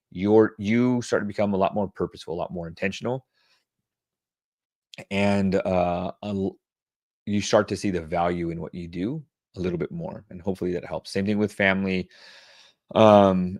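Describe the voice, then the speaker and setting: A middle-aged man hosting a webclass answers audience questions about wellbeing, sounding conversational and coach-like with frequent fillers. His voice sits low, with fairly even intonation and normal speed. The studio-quality recording has no room sound.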